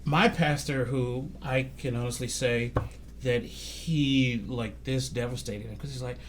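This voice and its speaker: Male podcast host, animated storyteller, mid pitch, casual chat. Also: unhurried, a little hiss or hum. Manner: animated storytelling, quotes others in lowered voice. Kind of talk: casual conversation.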